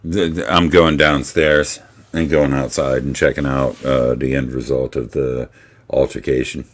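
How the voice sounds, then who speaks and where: Man, extremely deep voice, tabletop player, matter-of-fact, casual. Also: level tone, unhurried. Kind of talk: casual game chat.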